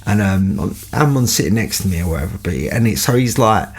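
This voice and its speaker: A man's voice: on the low side, animated, brisk, a little hiss or hum. A man, telling a rambling story as a podcast host, full of fillers. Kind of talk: casual anecdote.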